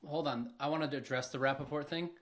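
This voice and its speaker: A man hosting a podcast, calmly laying out his argument in casual chat. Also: fairly high pitch, fast talker. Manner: explanatory, methodical. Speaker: podcast host.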